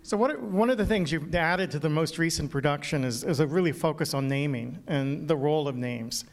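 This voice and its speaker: Higher-voiced male interviewer. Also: brisk, gravelly. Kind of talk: interview questions.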